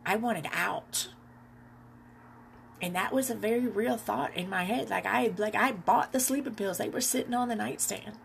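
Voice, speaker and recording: A woman podcast host telling a personal story, candid and reflective, in an unhurried way with pauses. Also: medium pitch, creaky, a little hiss or hum.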